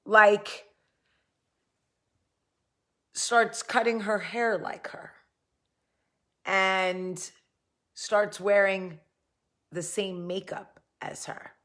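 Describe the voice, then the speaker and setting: Slow, tipsy woman with a Jersey accent. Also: mid-range voice, steady tone, a bit bright. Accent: New Jersey–New York. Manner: rambling, jokey, off-the-cuff asides. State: tipsy from drinking. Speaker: host. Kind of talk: casual storytelling chat. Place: indoors, seated in a chair.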